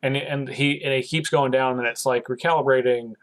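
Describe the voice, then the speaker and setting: This podcast co-host speaks briskly in a medium-pitched voice, retelling an episode's plot in easygoing conversation. He brings the story to life by acting out what the characters say.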